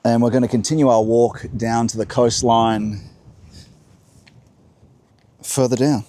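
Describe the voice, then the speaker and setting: A man's voice: medium pitch, steady tone, unhurried, mellow. A man hosting a live-streamed talk while walking outdoors, musing and answering his own questions. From Australia. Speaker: host. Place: outdoors by the coast.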